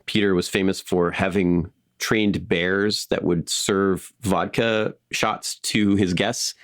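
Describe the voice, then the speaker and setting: A man co-hosting a podcast, telling a history story in a casual, animated way with frequent fillers. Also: low voice, takes it slowly, clean tone, dry recording, studio quality. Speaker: podcast co-host.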